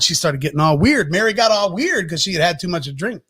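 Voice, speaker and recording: Animated, profane male podcast host. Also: high-pitched, fast, hardly any pauses, husky. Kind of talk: comic rant on a podcast.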